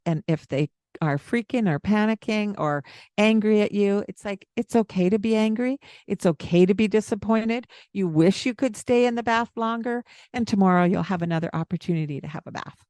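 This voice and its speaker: A woman co-hosting a parenting podcast, giving calm, gentle advice and showing tones of voice. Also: medium pitch, no room sound, studio quality. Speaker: podcast co-host, parenting coach. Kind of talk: casual advice chat.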